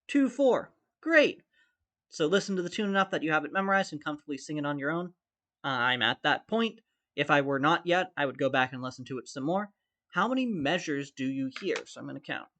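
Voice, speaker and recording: A man's voice: on the high side, bright, forceful tone. Male music teacher thinking aloud. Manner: thinks aloud, sings rhythms on syllables. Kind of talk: casual recorded music theory lesson.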